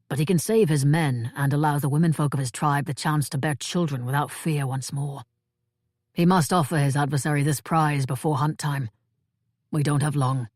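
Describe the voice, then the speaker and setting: A woman voicing a wise, calm male monk in an audiobook, speaking in a measured, solemn way. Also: sits low, no echo, clean studio sound. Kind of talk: audiobook character voice.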